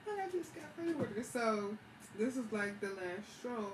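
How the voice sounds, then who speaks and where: A young woman, telling a story in a slangy, animated, casual way with frequent laughs. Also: on the high side, moderate pace. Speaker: vlogger. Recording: echoey room with background noise.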